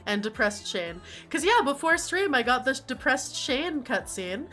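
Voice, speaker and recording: A woman's voice: sits high, very animated, unhurried, sharp tone, soft background music. A young woman hosting her stream, chatting casually, telling stories with lots of "like" and laughing often. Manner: chatty storyteller, laughs a lot, fills with "like". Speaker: streamer host. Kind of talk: casual chat.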